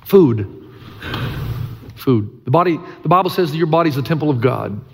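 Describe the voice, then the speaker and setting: A man's voice: on the high side, animated, moderate pace, slightly rough. A middle-aged male pastor preaching a sermon, earnest and emphatic, with folksy humor and repeated key lines. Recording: long church-hall reverb.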